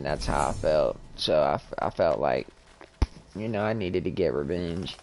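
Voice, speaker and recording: A young man streaming a game, telling a painful personal story in a halting, emotional way with many restarts. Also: rumbling low, darkish tone, soft background music. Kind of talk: casual storytelling.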